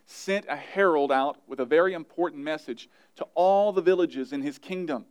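A man's voice: fairly high pitch, normal speed, darkish tone, clean tone. A male pastor, around his thirties, preaching an emphatic sermon and repeating his key phrases.

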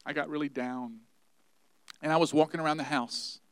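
Earnest higher-voiced male preacher. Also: normal speed, smooth, no echo. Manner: earnest storytelling preacher, shifts between quiet and emphatic. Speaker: pastor. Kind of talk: sermon.

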